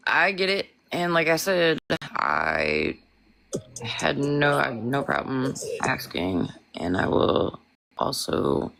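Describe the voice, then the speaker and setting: A woman's voice: a bass voice, gravelly, a bit bright, poor audio. A woman joining a livestream as a guest, talking in a rambling, emphatic way and swearing often. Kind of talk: casual livestream chat.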